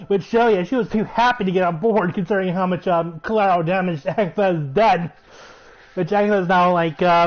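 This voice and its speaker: A man giving a chatty, excitable recap of a show episode. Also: high-pitched, normal speed. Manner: chatty, excitable, laughs while retelling. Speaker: show reviewer. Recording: muffled recording with faint music.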